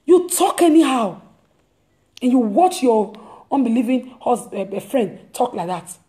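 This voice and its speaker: A woman's voice: a little high, big pitch swings, a little slow, mellow. A woman, hosting her own talk and preaching emphatically to her listeners, repeating phrases as she drives her point home. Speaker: host. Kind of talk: impassioned preaching monologue.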